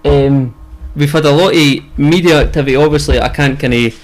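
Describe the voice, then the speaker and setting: A man's voice: on the high side, a little fast. A man co-hosting a casual podcast, laid-back and agreeable. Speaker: podcast co-host.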